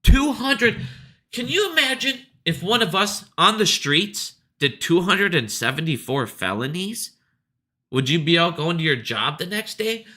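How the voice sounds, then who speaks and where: A man's voice: high-pitched, sing-song, a little slow, bright, forceful tone. A man giving profane, sarcastic commentary and mocking people in a rant. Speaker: video commentator. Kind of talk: ranting commentary.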